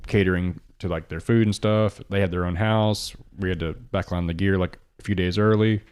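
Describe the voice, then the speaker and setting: Podcast host, man, lowish voice, brash and profane, excitable casual chat. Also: normal speed, clean tone.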